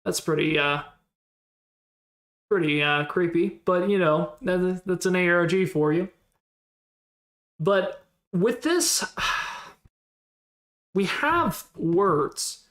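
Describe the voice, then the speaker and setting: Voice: mid-range voice, expressive, drawn-out words, long pauses, a bit bright. Rambling streamer thinking aloud. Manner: replies to chat in passing. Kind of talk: casual live-stream commentary.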